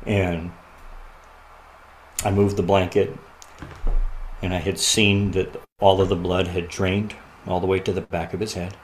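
A man sharing a personal story as a podcast guest, earnest and often quiet and halting, laughing at the lighter moments. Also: low-pitched, level tone, slight background noise, low-quality recording.

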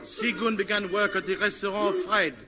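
A man announcing in a measured, formal radio style. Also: sits high, steady tone. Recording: hissy, reverberant old radio recording.

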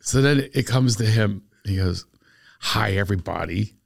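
A man hosting a podcast, telling a comic story in a lively way and breaking into laughter. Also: lowish voice, moderate pace. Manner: animated, laughing storyteller doing impressions. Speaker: podcast host.

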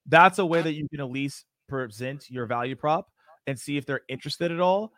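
A man on a panel, talking in a relaxed, conversational way and explaining step by step. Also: on the high side, a little fast, dry recording, studio quality. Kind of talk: casual panel discussion.

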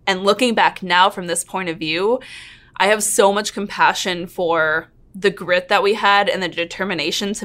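A woman in her thirties hosting her own real estate coaching channel, talking earnestly and openly to camera, quick to get emotional. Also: lowish voice, fairly bright tone. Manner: earnest, open and emotional, laughs and nearly cries. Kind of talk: intro narration then casual one-on-one chat to camera.

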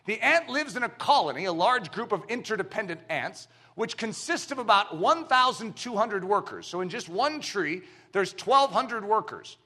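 Male pastor, 30s to 40s: bright, forceful, playful sermon delivery. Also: high voice. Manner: animated, playful and emphatic. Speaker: preacher.

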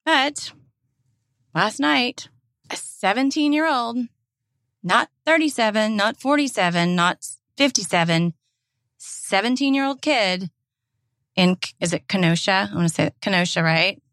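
This is a woman with a Southern accent talking on a podcast, passionate and emphatic, not afraid to swear. Her pitch sits in the middle range. The sound is dry and close, with no room in it. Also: expressive, unhurried, fairly bright tone, no echo. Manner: emphatic, impassioned, swears freely. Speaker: podcast co-host. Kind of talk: casual chat.

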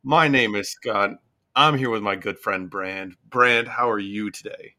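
Bright-voiced man hosting a podcast. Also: on the low side, a little slow. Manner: laughs often, easygoing. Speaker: podcast host. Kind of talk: casual chat about music.

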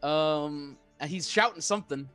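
A man's voice: on the high side, a little slow, sharp tone, soft background music. A man running a tabletop game as game master, narrating casually with jokes and asides.

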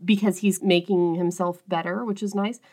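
A woman's voice: fairly low pitch, steady tone, normal speed, darkish tone. A young woman co-hosting a book podcast, speaking earnestly and reflectively at length. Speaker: podcast co-host discussing a book. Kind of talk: casual chat.

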